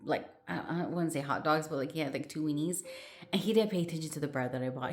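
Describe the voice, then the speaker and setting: A woman's voice: deep voice, quick pace, darkish tone. A woman chatting casually to her viewers, rambling with lots of fillers and restarts, sounding short of breath. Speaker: vlogger. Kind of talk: casual chat to camera.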